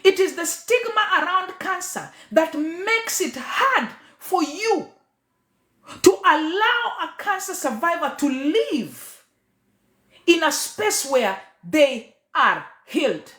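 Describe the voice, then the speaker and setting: A woman who is a teacher, public speaker and MC talks passionately to her followers, emphatic and preacher-like, moving between loud and quiet. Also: very high voice, big pitch swings, slow pace. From Kenya. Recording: echoey room.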